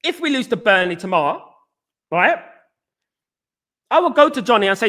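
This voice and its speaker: A man's voice: extremely high pitch, lively intonation, brisk, long pauses, a bit bright. A young English man hosting a fan livestream, arguing heatedly with chat commenters and calling them mate. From England. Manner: heated, argues with chatters, calls them mate. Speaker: fan channel host reading live chat. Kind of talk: livestream fan talk show.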